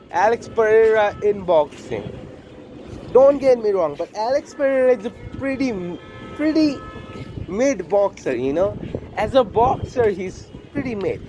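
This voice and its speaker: High-voiced guy ranting about fights, blunt and sweary, faint noise in the background. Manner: blunt, profane, repetitive. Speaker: combat sports commentator. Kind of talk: casual opinion monologue.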